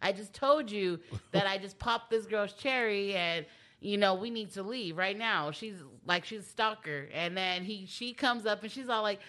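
Bright-voiced woman retelling a movie. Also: medium pitch, normal speed. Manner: giggly storytelling full of "like" and quoted lines. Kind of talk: casual movie recap chat.

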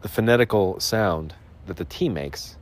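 A man hosting a solo podcast, rambling sarcastically about his day, clearing his throat and coughing now and then as he comes down with a cold. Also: low-pitched, lively intonation, slight background noise. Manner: sarcastic, self-mocking, puts on quick voices for quotes. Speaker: podcast host.

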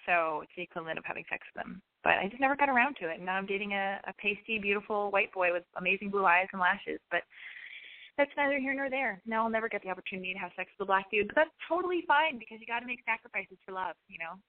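A young woman hosting an online radio show tells a story in a casual, rambling monologue, profane and constantly interrupting herself. Her mid-range voice is animated and quick, and the audio is narrow-band, like a phone.

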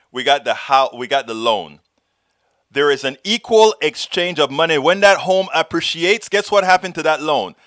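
Animated Texan talk-show host, dry sound. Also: male voice, a little high, no echo. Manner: animated, jokey, lecturing and folksy. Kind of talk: live political talk show reading chat.

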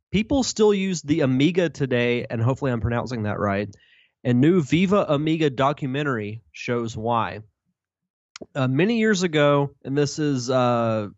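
A man co-hosts a podcast in an easygoing, measured way, moving from chat into reading news. His voice sits in a middle range. The recording is dry and a little dull. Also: mid-range voice, dry recording.

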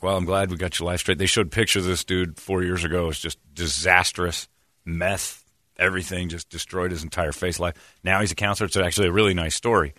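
A man chatting on talk radio, spinning a story with lots of energy and loud acted-out quotes. His voice is bright and forceful. The sound is dry and close to the mic. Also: low voice, no room sound. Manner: animated storyteller, acts out quotes loudly. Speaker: radio show host.

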